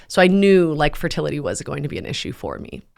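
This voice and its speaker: A woman in her thirties hosting a faith talk, telling a personal story in a rambling, heartfelt way with many pauses and fillers. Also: sits low, big pitch swings, creaky, a little mellow. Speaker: podcast host. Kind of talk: casual personal testimony.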